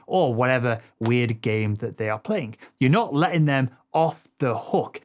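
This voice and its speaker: A man teaching sales technique in a fast, assertive coaching manner, his voice not particularly deep. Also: a little mellow. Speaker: sales trainer. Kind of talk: instructional talk to camera.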